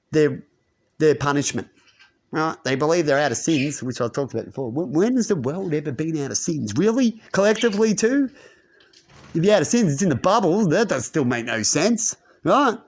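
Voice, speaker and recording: A channel host goes off on a rambling rant to camera, habitually tagging each point with a rhetorical "right?". His voice is fairly high and animated, moving at a moderate pace.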